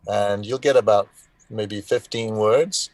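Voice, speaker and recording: A man in his sixties from South Africa speaks in a lowish voice over a video call, the sound close and dry with no room around it. He rambles frankly, with plenty of fillers and restarts and a wry edge. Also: takes it slowly, darkish tone, no echo. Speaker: guest voice actor. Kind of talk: casual live interview chat.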